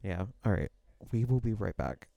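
A man's voice: on the low side, very animated, moderate pace, vocal fry, no room sound, highs cut off. A man co-hosting a casual hangout podcast, rambling with lots of "like" and restarts and laughing often. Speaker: podcast co-host. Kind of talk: casual chat.

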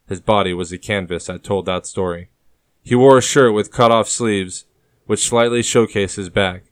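A man narrating a historical adventure audiobook in a steady descriptive reading. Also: on the low side, smooth, no echo, studio quality.

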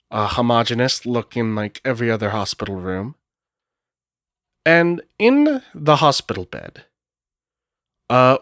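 Casual, swearing game-master narrator. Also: male voice, mid-range voice, a bit bright, dry recording, clean studio sound. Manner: casual, swearing, thinking aloud. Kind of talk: narrating a solo tabletop role-playing game.

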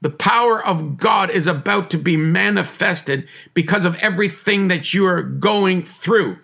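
A man's voice: high voice, a little slow, vocal fry, sharp tone, slightly rough. A man preaching a sermon with fervent, repetitive cadence.

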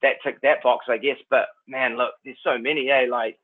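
A New Zealand man with a Kiwi accent, an actor chatting as a guest in a relaxed, rambling way. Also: medium pitch, moderate pace. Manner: laid-back, rambling, says "man" and "like" a lot. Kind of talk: casual chat. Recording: tinny phone-like line.

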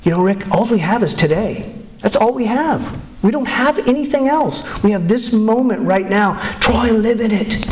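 A man quoting a gentle, dying Irish friend with a reassuring manner, in an echoey room. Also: high voice, expressive, normal speed, distant mic, slight background noise, voice pushed up. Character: calm, dying older Irish man, wise.

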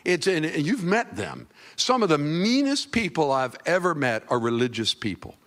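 A man preaching a sermon as pastor, talking conversationally and teasing the congregation, then acting out quotes in sudden high, loud bursts. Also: very animated, moderate pace.

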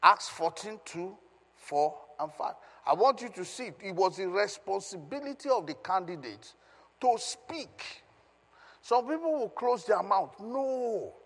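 A man's voice: sits high, very animated, a little slow, a bit bright, slightly rough. A male pastor giving an emphatic Bible teaching, questioning his congregation as he reads scripture. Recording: long reverb of a hall.

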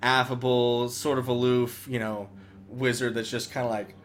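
Young man, game master, rambling narration, casual fillers, average pitch. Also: level tone, moderate pace, a little hiss or hum.

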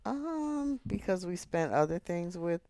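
This is a woman in her seventies with a smooth, resonant voice whose pitch moves lively as she talks. She chats casually and recalls things in a calm, matter-of-fact way. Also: measured pace, no room sound. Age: 70s. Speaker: podcast guest, mother of the host. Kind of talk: casual chat.

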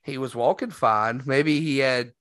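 A man's voice: medium pitch, measured pace, fairly bright tone. A man hosting a podcast, telling a rambling story in casual chat. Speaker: podcast host.

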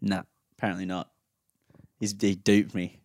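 A man's voice: low voice, little pitch movement, normal speed, a little mellow, dry recording, studio quality. Blunt Australian man on a podcast. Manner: blunt, swears freely, mimics people in anecdotes. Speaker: podcast co-host. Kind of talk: casual podcast banter and storytelling.

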